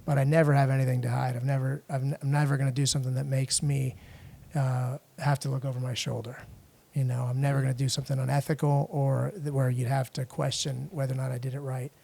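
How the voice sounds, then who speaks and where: A middle-aged man from the United States, a podcast guest telling a personal story in a halting way, with frequent restarts and fillers. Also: mid-range voice, level tone, gravelly, mellow. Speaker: podcast guest, international lawyer.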